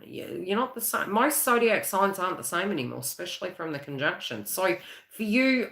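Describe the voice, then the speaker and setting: Woman, low-pitched, lively, bright, chatty, laughing, live reading, echoey room. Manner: chatty, laughs often, rambling with restarts. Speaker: psychic reader hosting a live stream. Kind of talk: live-stream tarot and astrology reading.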